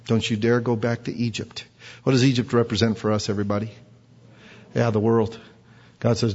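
Man preaching a lively sermon. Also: mid-range voice, a little fast, long pauses. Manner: lively, quizzes the congregation, acts out quotes. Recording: dull recording with long hall reverb.

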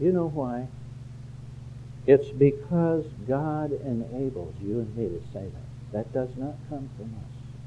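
A male pastor delivers a sermon in a mid-pitched voice, earnest and measured, climbing to forceful emphasis on his main points. The recording is narrow and tinny, like sound heard over a telephone. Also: a little hiss or hum. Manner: earnest, rises to emphatic peaks. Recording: phone-like narrow band.

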